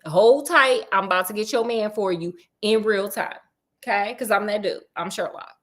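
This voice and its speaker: A woman's voice: normal speed, lightly acted. A woman voicing a cocky, bossy male detective in slangy street talk during a comedic story retelling. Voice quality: low, drawling slang swagger.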